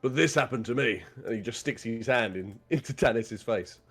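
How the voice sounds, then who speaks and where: A man's voice: mid-range voice, normal speed, fairly bright tone, faint music behind. A man in casual chat as a player in a tabletop game, laid-back and easygoing.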